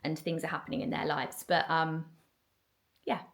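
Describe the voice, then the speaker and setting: A woman's voice: low voice, level tone, moderate pace. A woman in her thirties with an English accent, chatting casually in a home vlog, with lots of "like" fillers. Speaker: vlogger.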